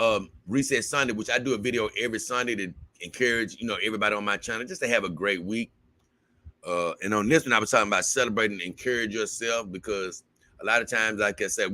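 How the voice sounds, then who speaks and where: Male host, low bright voice, laid-back chatty delivery, dry close sound. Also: no echo. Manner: relaxed, drawling, with many fillers. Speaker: channel host reading viewer comments. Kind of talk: casual livestream chat.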